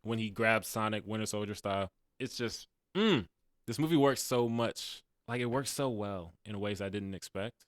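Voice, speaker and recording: A young man in his late twenties co-hosts a casual movie podcast, his voice low and recorded dry and close. He is animated, laughs a lot and slips into quick impressions of the characters. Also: smooth, no echo. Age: late 20s. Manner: animated, laughs often, acts out quotes. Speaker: podcast co-host. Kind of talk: casual movie review chat. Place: podcast studio.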